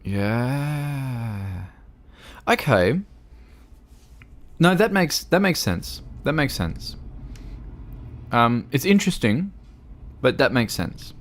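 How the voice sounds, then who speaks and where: A man's voice: medium pitch, sing-song, drawn-out words, pauses often. A young man chatting with his livestream viewers while playing a game, rambling and often restarting his sentences. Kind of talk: casual chat with livestream viewers while gaming.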